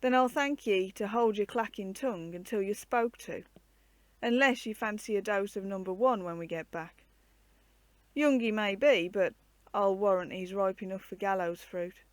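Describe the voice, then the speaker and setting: Storybook part: a rasping, bullying army corporal, loud and sarcastic, read by a woman. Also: mid-range voice, moderate pace, no room sound, natural voice. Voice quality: hoarse rasp. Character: gruff hoarse male dragoon corporal, sneering bully.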